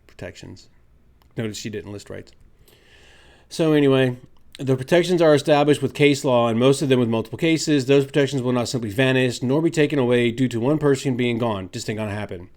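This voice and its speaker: Rich: A man talking straight to his viewers in a commentary vlog, his voice sitting at an everyday middle pitch. He rants with heavy sarcasm, pressing hard on his points and arguing them out one by one. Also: brisk, darkish tone. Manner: sarcastic, ranting; emphatic, argumentative. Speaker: vlogger.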